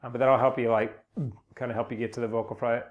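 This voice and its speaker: A young man giving a casual spoken singing lesson, relaxed and rambling, with many fillers and restarts. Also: medium pitch, fast, phone-quality sound. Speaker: singing teacher. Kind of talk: casual spoken vocal lesson with sung demonstrations.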